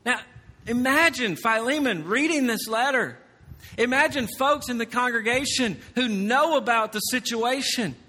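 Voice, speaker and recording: A man preaching a sermon as pastor, swinging between loud emphasis and quiet storytelling. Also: very high voice, measured pace, big-room sound.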